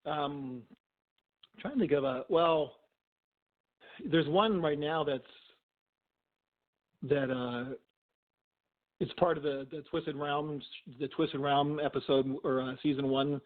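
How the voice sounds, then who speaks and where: This middle-aged guest, a doctor who also investigates the paranormal, speaks slowly with long pauses in a voice on the high side and fairly even intonation. Heard through a tinny phone connection, his storytelling is loose and rambling, full of restarts and "you know."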